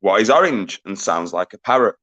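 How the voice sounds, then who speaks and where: A man's voice: on the low side, lively intonation, fairly quick, lo-fi sound. A man runs a live-stream quiz in loose, casual chat. He swears freely, laughs at the answers and calls out greetings to his viewers. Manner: swears often, jokey, shouts greetings to viewers. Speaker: livestream quiz host.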